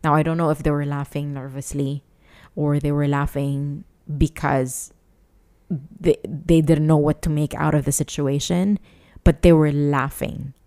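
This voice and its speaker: Woman cohost chatting casually, deep-ish voice, fired up and earnest, lots of restarts. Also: level tone, a little slow, dark tone. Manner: earnest, indignant, many restarts. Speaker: podcast co-host. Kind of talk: casual chat.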